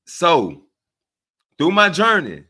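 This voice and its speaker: A man with a Southern US accent hosting a casual livestream, speaking to his viewers in an animated, preachy way and often checking in with them. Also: on the high side, slow, slightly rough. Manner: animated and preachy, often asks "right?" of listeners. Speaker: livestream host. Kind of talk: casual livestream talk to chat.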